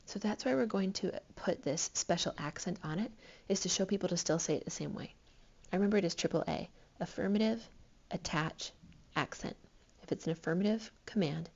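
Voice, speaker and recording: Low gravelly woman teaching a lesson. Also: fairly quick, a little mellow, lo-fi sound. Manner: patient, explanatory, counts syllables aloud. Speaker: Spanish teacher. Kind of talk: recorded classroom lesson.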